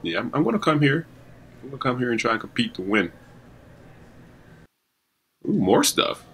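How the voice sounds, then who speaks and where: A man's voice: mid-range voice, normal speed, slightly rough. A man giving casual, joking commentary on a sports video game as a YouTuber. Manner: joking, excitable, chatty. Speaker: gaming YouTuber.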